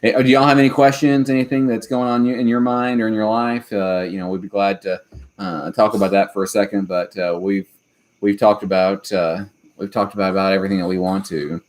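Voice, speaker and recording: A man's voice: lowish voice, flat delivery, a little fast. A man hosting a homesteading live stream, chatting casually and rambling with lots of hesitant fillers. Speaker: homesteading channel host.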